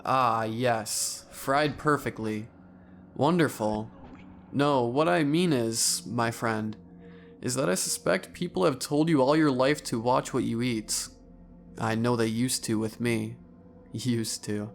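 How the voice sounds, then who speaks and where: A man voicing a huge gluttonous man who preaches endless hunger in a hushed, wheezing, fervent voice. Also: medium pitch, slow pace, creaky, soft background music. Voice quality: wheezing, snarling.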